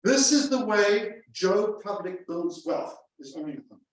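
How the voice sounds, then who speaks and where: Before a live audience of real estate agents in a large room, a sales trainer with a high-sitting, expressive voice speaks unhurriedly and emphatically, repeating phrases for effect. The recording is distant and echoey.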